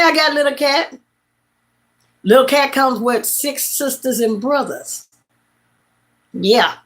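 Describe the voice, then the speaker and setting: A woman, hosting a casual livestream and telling rambling, repetitive, heartfelt stories. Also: on the high side. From Mississippi, USA. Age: late 50s. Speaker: livestream host.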